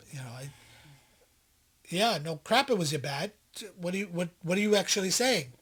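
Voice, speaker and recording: A man's voice: sits high, normal speed, slightly rough. A man co-hosting a casual podcast, telling stories animatedly and acting out the people in them. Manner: animated storyteller, acts out quotes loudly. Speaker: podcast co-host. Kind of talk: casual chat.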